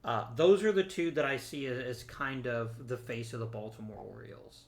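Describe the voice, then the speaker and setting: A man's voice: mid-range voice, normal speed. A man hosting a let's play, giving casual, joking commentary and talking to the viewers and to the players on screen.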